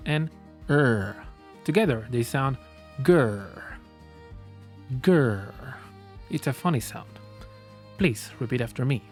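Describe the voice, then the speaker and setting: A man teaching phonics, patiently sounding out letters and words for learners to repeat. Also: medium pitch. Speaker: language teacher. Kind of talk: phonics lesson, slow drilled pronunciation. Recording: dry close recording with faint music.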